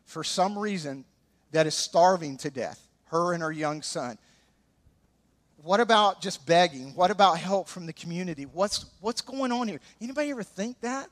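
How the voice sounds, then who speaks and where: The man preaching here is a pastor with an Alabama Southern accent and a high-pitched voice. He stays animated throughout, cracking jokes to the people in the pews.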